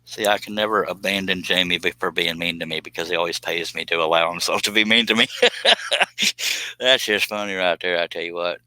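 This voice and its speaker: A man's voice: low voice, steady tone, quick pace, hardly any pauses, bright, forceful tone, dry recording, low-quality recording. A man chatting casually on a live stream, reading viewer comments and joking around with a rambling, laugh-prone manner. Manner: joking, rambling, laughs at his own jokes.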